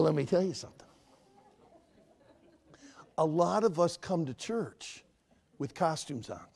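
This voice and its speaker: A man's voice: fairly high pitch, creaky, dark tone. An older man preaching a sermon in a church, earnest and emphatic and talking to the congregation like friends. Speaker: pastor. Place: church sanctuary.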